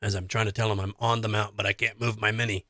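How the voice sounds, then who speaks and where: Wry man, bright dry voice. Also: on the low side, little pitch movement, quick pace, dry recording. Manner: hesitant, wry, thinks aloud. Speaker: player. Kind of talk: casual chat during an online tabletop game.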